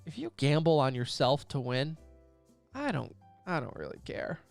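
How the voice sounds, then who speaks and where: A man's voice: fairly high pitch, very animated, normal speed, gravelly, faint music behind. A man co-hosting an esports podcast, running through news items in a loose, joking way. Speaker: podcast co-host. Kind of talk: casual esports podcast chat.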